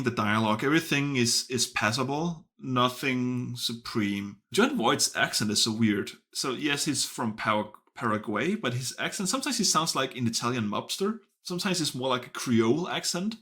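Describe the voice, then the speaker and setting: A man's voice: mid-range voice, lively intonation, moderate pace, few pauses, sharp tone. A man giving a casual spoken film review, stopping often to restart and correct himself. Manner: hesitant, frequent restarts and self-corrections. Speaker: movie reviewer.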